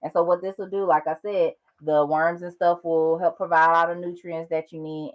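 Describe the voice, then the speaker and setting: Lady walking you thru planting seeds, kinda low voice, dull muffled recording. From North Carolina. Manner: chatty, explains step by step with many ums and rhetorical checks. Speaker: gardening vlogger. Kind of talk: casual how-to demonstration.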